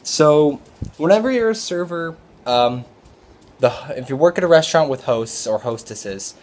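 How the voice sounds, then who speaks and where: A man's voice: fairly high pitch, expressive, moderate pace, a little mellow. A young man who works as a restaurant server, telling a story in a casual, rambling way, with frequent fillers and restarts.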